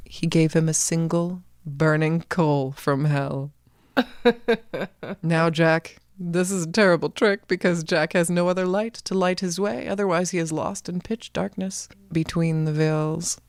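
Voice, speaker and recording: Low-voiced woman telling a folk tale. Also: measured pace, dry recording, studio quality. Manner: animated, playful narration. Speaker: podcast host, storyteller. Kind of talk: casual storytelling chat.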